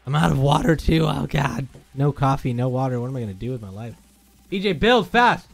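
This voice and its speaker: A man's voice: mid-range voice, fairly even intonation, fast talker, gravelly, a little mellow. A man co-hosting a live stream from a studio, chatting casually and joking with viewers. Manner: playful, banters and sings snippets. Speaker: livestream co-host. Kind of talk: casual joking livestream chat.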